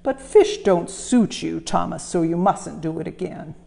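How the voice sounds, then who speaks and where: A woman voicing a loud, hearty male railway boss while reading a storybook aloud. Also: on the low side, unhurried, gravelly. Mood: booming.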